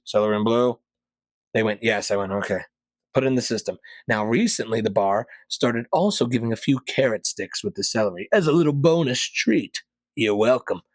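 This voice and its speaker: A man hosting a podcast, ranting sarcastically in a casual monologue and jumping to loud, high peaks. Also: dry recording. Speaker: podcast host.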